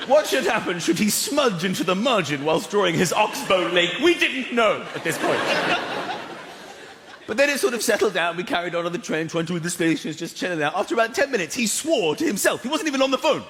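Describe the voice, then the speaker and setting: Brief: male comic, high lively voice, theatre reverb, loud laughing crowd. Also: brisk, a little hiss or hum. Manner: animated storytelling, acting out characters. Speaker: stand-up comedian. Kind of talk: stand-up comedy. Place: large theatre stage.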